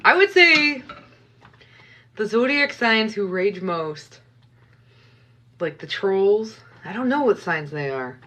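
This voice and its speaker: A woman's voice: mid-range voice, big pitch swings, slow pace, pauses often, pushed and bright. A woman live-streaming from her kitchen, chatting casually with viewers and playfully scolding them as she cooks. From Canada. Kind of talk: casual live-stream chat while cooking.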